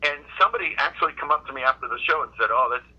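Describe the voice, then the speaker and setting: A man's voice: a little high, lively intonation, very fast, sharp tone, slightly rough, dull audio. A middle-aged man from Boston, a comedian guest telling road stories in casual chat, often stopping and restarting his sentences. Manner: rambling storyteller, frequent restarts.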